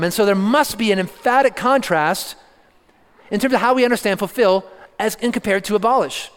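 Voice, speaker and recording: A man preaching a sermon, teaching earnestly and deliberately, stressing points through repetition. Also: high-pitched, clear, resonant tone, in a large hall.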